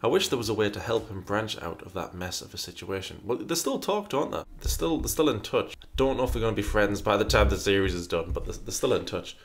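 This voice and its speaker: A man with a lowish, creaky, sing-song voice talks quickly with few pauses while faint music plays. Hosting an informal Q&A, he reads viewer questions out, muses on his responses, and tends to repeat himself.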